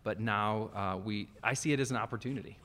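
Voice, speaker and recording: Thoughtful pastor, lowish voice, reverberant. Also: male voice, a little fast. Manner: relaxed, thoughtful, with fillers. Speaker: kids ministry pastor. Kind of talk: casual discussion. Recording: reverberant room sound.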